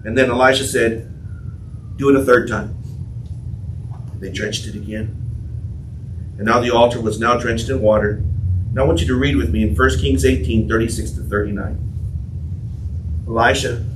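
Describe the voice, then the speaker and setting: A pastor preaching a sermon, telling the story dramatically and acting out the quotes, sometimes shouting. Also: male voice, mid-range voice, fairly even intonation, moderate pace, pauses often, recorded from a distance, background noise. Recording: echoey room, voice from off-mic.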